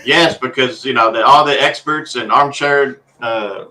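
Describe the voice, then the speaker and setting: A man co-hosting a gaming podcast who talks in a relaxed, reflective way, pausing and restarting often. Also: mid-range voice, a little hiss or hum, rough recording. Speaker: podcast co-host. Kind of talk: casual gaming news chat.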